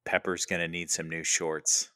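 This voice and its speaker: A man's voice: low voice, flat delivery, moderate pace, sharp tone, no room sound, studio quality. A man co-hosting a casual movie podcast, upbeat and joking in easy banter. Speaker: podcast co-host.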